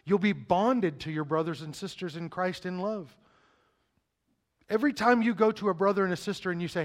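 Emphatic high-voiced male pastor preaching. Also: a little fast. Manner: emphatic, repeats words when speeding up. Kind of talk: sermon.

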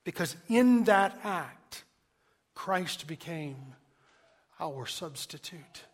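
A man preaching a sermon, emphatic and questioning the listeners, swinging between loud stresses and hushed lines. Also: fairly high pitch, animated, drawn-out words. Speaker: pastor.

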